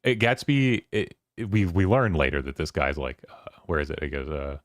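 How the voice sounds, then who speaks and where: A man's voice: rumbling low, moderate pace, dry recording, studio quality. A man hosting a casual book club discussion on a stream, rambling and paraphrasing scenes from the story.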